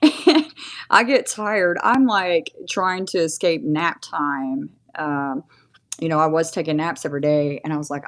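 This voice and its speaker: A woman in her forties talks through a live tarot reading in a relaxed, chatty way. Her voice sits a little low, and she laughs often and pauses to thank her viewers. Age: 40s. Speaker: tarot reader.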